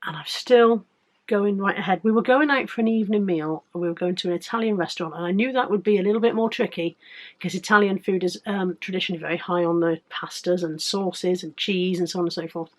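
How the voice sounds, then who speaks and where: A woman in her late forties with an English accent, talking candidly and a little croakily in a casual vlog about her weight-loss week. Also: lowish voice, quick pace. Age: 40s. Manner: candid, chatty, rambling with restarts. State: slightly croaky.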